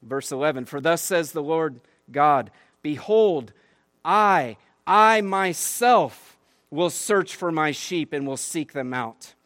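Man preaching a sermon, slightly high voice. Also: lively intonation, slow pace, fairly bright tone, no echo, clean studio sound. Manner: reads scripture aloud with rising emphasis; conversational asides ending in "right?". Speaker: pastor.

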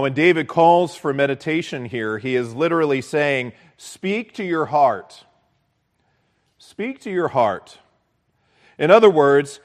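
A man preaching a sermon as pastor, earnest and measured, repeating key phrases for emphasis. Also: a little high.

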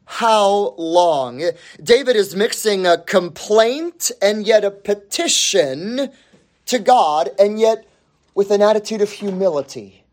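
Animated, unhurried male preacher. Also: sits high. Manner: emphatic, repeats key phrases. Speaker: pastor. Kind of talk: sermon.

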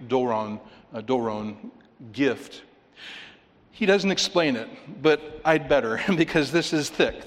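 A man preaching an expository sermon, animated and emphatic, at times carried along by sports imagery. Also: mid-range voice. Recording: long hall reverb.

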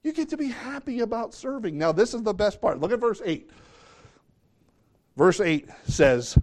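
A man preaching a sermon as pastor, talking conversationally and jumping into excited, high bursts. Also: normal speed.

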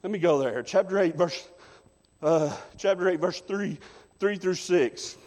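High-voiced preacher in a reverberant church. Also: male voice, measured pace, darkish tone. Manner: emphatic preaching with repeated "I'm telling you". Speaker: assistant pastor. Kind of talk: sermon. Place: church sanctuary.

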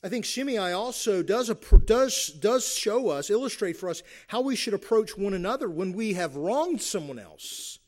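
A man's voice: high-pitched, lively intonation, moderate pace, hardly any pauses, darkish tone. Emphatic man preaching a sermon. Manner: earnest, emphatic, with rhetorical questions and acted-out quotes.

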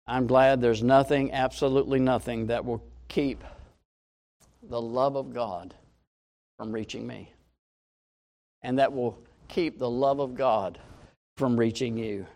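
A man's voice: mid-range voice, fairly even intonation, unhurried, long pauses, a little mellow. A man preaching a sermon in an earnest, emphatic way, rising and falling in volume.

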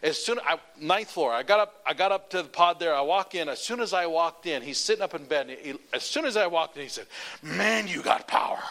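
A male preacher telling a personal story in a sermon, animated, running sentences on with repeated "and". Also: on the high side, fast, hardly any pauses.

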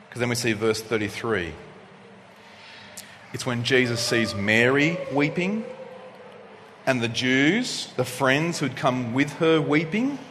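A male pastor delivering a sermon, preaching expressively and swinging from loud passages to hushed ones. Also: medium pitch. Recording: long reverb of a hall, faint noise.

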